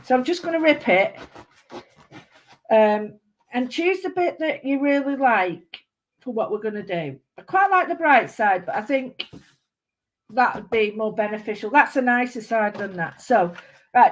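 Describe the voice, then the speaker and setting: A woman's voice: fairly high pitch, animated, moderate pace, slight background noise, rough recording. Giddy, rambling woman. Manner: giddy, rambling, talks to viewers, exclaims. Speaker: craft tutor. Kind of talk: chatty live craft demo.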